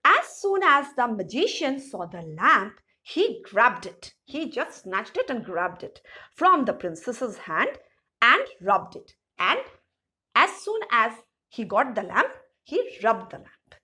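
A woman's voice: on the high side, very animated, slow pace, sharp tone. A woman teacher reading a children's story aloud and then retelling each sentence in simpler words, with questions to the class. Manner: asks rhetorical questions to the class. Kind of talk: storybook lesson explanation.

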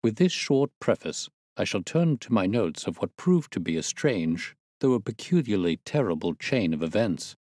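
Low-voiced male storyteller, animated and formal, dry close mic, audiobook narration. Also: no echo. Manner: measured, formal, expressive reading.

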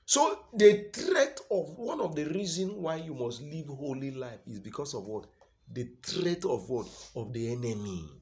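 A man with a Nigerian accent preaching a sermon, loud and emphatic, often asking the congregation call-and-response questions. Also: medium pitch, lively intonation, normal speed.

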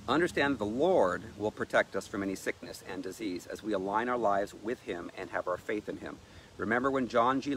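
A man preaching with a fairly low voice, pressing each point hard and reading scripture aloud. Faint noise sits behind his voice. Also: a bit bright. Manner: emphatic, reads scripture aloud. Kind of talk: sermon-style teaching.

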